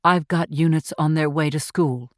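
A woman's voice: low voice, normal speed, no room sound, studio quality, voice pushed down, natural voice. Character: commanding male detective read by a woman. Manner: urgent, clipped.

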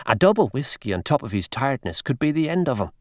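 Expressive male audiobook narrator. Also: medium pitch, dry recording. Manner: measured, expressive.

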